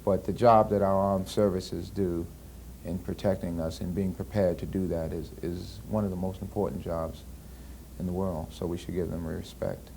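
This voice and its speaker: A man's voice: deep voice, level tone, moderate pace, warm tone. A man in his thirties, an actor being interviewed, answering casually with many fillers and restarts. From United States. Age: 30s. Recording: archival interview tape with faint hiss.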